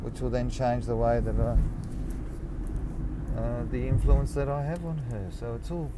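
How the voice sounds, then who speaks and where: A man's voice: medium pitch, moderate pace, pauses often. A young man hosting a casual solo podcast from his car, musing and rambling while he drives. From Australia. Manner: rambling, musing, self-correcting. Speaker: podcast host. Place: inside a car while driving. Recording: faint road noise in a car. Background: car and street noise.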